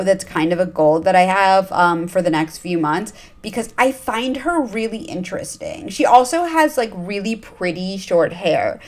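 A woman hosting a podcast, talking in a chatty, candid way with lots of fillers and asides. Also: medium pitch. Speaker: podcast host. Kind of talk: casual chat. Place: lives in Los Angeles.

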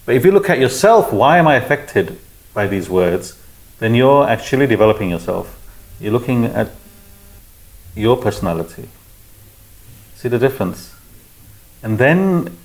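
A man leading a spiritual discussion, explaining calmly with repeated phrases. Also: lowish voice, normal speed, pauses often, rough recording. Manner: calm, explanatory, repetitive phrasing. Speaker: spiritual teacher. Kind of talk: teaching discussion.

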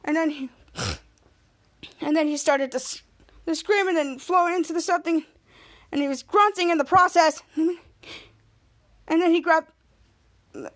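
High-voiced woman rambling through a recap. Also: measured pace, pauses often. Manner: rambling retelling with restarts, voices quotes. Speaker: podcast host. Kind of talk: casual episode recap.

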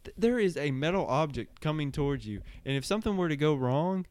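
A man, co-hosting a casual podcast and chatting easily. His voice is smooth and resonant, with a dry, close-miked sound. He talks in a relaxed, halting way with fillers. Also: on the high side, no room sound. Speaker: podcast co-host. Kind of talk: casual chat.

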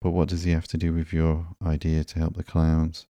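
A man reading the lines of a nervous, awkward young man in a halting, hesitant way for a sleepy comic book reading. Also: very deep voice, monotone, warm tone, dry recording, studio quality.

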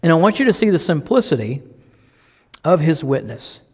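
A male pastor with a Southern American accent delivers an earnest, teaching sermon. His voice sits a little high for a man, and he slows down to lean on key phrases. The sound rings with the long reverb of a church hall. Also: sing-song, a little mellow, husky.

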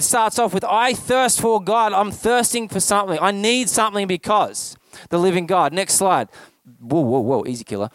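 A male pastor preaching a conversational sermon, with joking asides, slowed-down scripture readings and repeated phrases as he explains. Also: high voice, a bit bright, no room sound.

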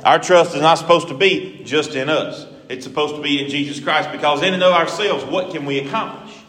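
A man preaching a sermon, lively and acting out the scripture he quotes. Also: fairly high pitch, a little fast. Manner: animated, acts out scripture quotes. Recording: echoey hall with long reverb.

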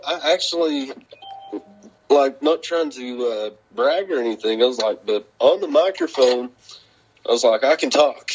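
A man with a husky, mid-pitched voice talks loosely in an interview. He laughs often, swears, and acts out the lines of the people in his stories. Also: normal speed, muffled recording. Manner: rambling, laughing, cursing, acting out quotes. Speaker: guest, wrestler. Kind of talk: casual storytelling interview.

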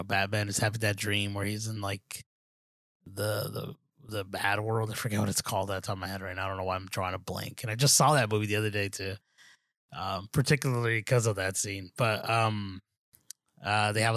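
A man co-hosts a podcast in casual chat, rambling with plenty of fillers, restarts and "dude." His voice is on the low side, level and fairly bright, brisk in pace, in a dry, clean studio recording.

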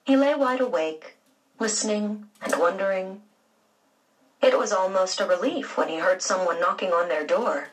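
A woman narrating a children's audiobook in an expressive storytelling manner. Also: mid-range voice, normal speed, recorded from a distance, rough recording.

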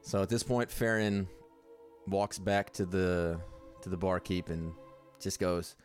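Deep-voiced man playing a tabletop game. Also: steady tone, takes it slowly, soft background music. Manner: casual, laughing, hesitant. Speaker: player. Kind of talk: narrating actions in a tabletop game.

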